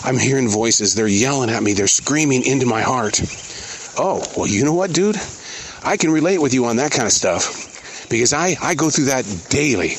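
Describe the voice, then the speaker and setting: Man, earnest reflective monologue, outdoors in a forest, pauses and repeats, faint hiss behind. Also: mid-range voice, fairly bright tone. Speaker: podcast host.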